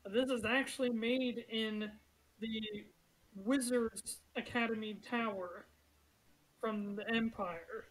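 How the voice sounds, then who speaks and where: A woman's voice: a little high, steady tone, slow pace, low-quality recording. A woman running a tabletop game as game master, narrating the scene in a chatty way and laughing now and then. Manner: chatty, laughs through descriptions.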